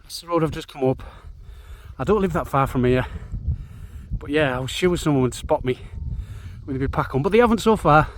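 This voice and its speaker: A man's voice: on the high side, brisk, slight background noise. A man, out of breath, chatting casually to camera while hiking and running across open moorland. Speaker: vlogger. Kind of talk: casual outdoor vlog narration. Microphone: handheld camera.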